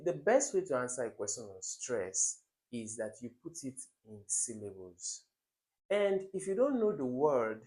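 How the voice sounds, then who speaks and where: A man with a Nigerian English accent, from Africa, speaks in a mid-range voice on a rough recording. He's an exam tutor going through test questions step by step, repeating key words and chuckling at wrong answers.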